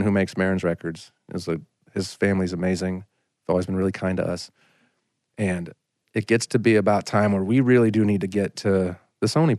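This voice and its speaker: A man in his thirties with a somewhat low voice tells a rambling story on a podcast and fills his sentences with "like". The sound is close and dry, with no room around it. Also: a little mellow, no room sound. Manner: rambling, anecdotal, frequent "like" fillers. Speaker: singer-songwriter guest. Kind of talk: casual storytelling in a podcast interview.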